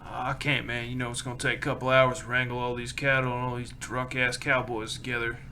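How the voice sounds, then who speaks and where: A man voicing a rough, friendly young cowhand who swears freely and talks shop. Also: mid-range voice, little pitch movement, a little fast, sharp tone, slight background noise. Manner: crude, swearing, backslapping.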